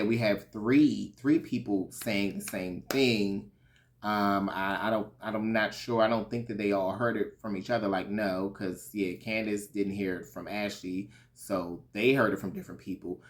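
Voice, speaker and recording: A man giving a sassy, gossipy recap of a reality show, swearing freely. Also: on the low side. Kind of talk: casual recap commentary.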